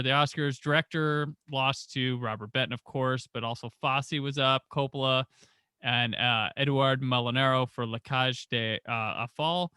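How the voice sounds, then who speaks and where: A man hosting a movie podcast, talking casually and acting out the people in his anecdotes. His voice is bright and forward, and it sounds dry and close, with little room around it. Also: mid-range voice, smooth, no echo. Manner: animated storyteller, acts out quoted voices. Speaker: podcast host.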